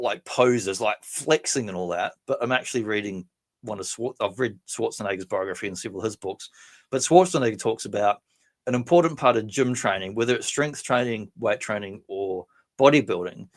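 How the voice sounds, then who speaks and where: Man from New Zealand, livestream host, low voice, loose rambling chatter with plenty of swearing. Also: expressive, moderate pace. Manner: rambling, chatty, swears freely, laughs often. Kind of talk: casual livestream chat.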